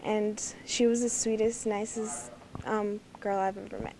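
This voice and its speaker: A woman's voice: medium pitch, flat delivery, measured pace, gravelly, dark tone, a little hiss or hum. A teenage girl fondly sharing memories of a classmate for a memorial, lightly amused. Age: teens. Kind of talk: memorial tribute.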